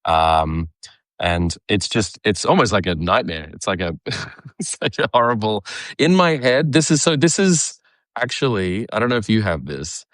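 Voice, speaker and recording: A young Australian man with an accent drifting toward American, a cartoonist chatting casually while he draws, halting, with many fillers and restarts. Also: lowish voice, lively intonation, fairly bright tone, no room sound, clean studio sound. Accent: Australian, partly Americanized. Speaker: cartoonist guest. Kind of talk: casual conversation while drawing.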